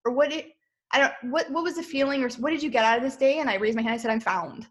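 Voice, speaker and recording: A woman's voice: sits high, rapid-fire. A woman in her thirties, a podcast guest, chatting casually with lots of fillers, laughing at herself often. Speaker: podcast guest, boutique owner. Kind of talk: casual interview chat.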